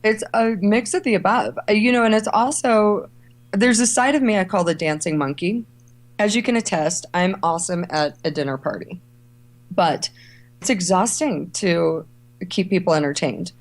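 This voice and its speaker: A middle-aged woman from Ohio and Kentucky, a travel writer and editor, speaks at medium pitch and moderate pace. As an interview guest, she tells her stories with energy and impersonates the people she quotes.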